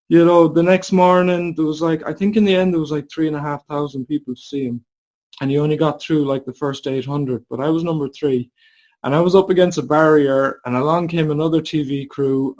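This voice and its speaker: A man in his forties telling a candid personal story, animated and casual, over a video call. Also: a little high, rough recording. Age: 40s.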